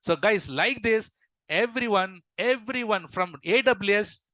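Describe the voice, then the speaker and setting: A young adult man, telling a story to teach a tech lesson and addressing his viewers directly in an animated way. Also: sits high, a little slow, dry recording. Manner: animated, addresses the audience as guys. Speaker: tech instructor.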